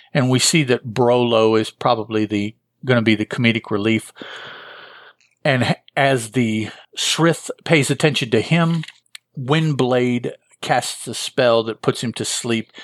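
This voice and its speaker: A man's voice: medium pitch, fairly bright tone, no room sound, clean studio sound. A man hosting a comic book review show, recapping an issue in a rambling, thinking-aloud way and often correcting himself.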